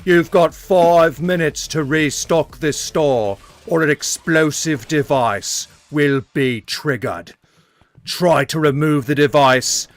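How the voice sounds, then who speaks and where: A man voicing a theatrical male announcer who makes slow, loud, mock-dramatic threats in a put-on Australian accent. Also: fairly high pitch. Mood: mock menacing. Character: menacing male store-bomb announcer, theatrical.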